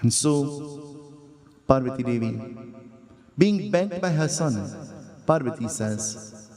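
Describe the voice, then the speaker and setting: A man's voice: mid-range voice, lively intonation, moderate pace, pauses often, warm tone. A Trinidadian-accented man, a pundit, giving a devotional sermon, telling a story and asking his audience questions in a conversational way. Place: large hall at a festival celebration. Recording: long hall reverb.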